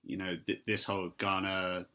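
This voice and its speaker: A young man co-hosting a casual podcast, wry and teasing, quick to laugh. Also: sits low, monotone, sharp tone. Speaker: podcast co-host.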